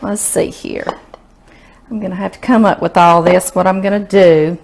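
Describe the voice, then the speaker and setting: A woman's voice: fairly low pitch, fairly even intonation, moderate pace, gravelly, darkish tone, slight background noise. A woman with a Southern US accent, hosting a home cooking video in a chatty, folksy way and savoring the food aloud. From Louisiana, US Southern. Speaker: cooking show host.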